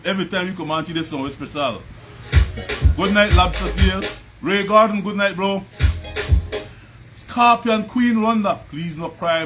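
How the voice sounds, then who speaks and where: A man with a Belizean Creole accent hosting a casual livestream, chatting, laughing often and greeting viewers by name. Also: a little high. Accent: Belizean Creole English. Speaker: livestream host. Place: at home. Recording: music playing behind.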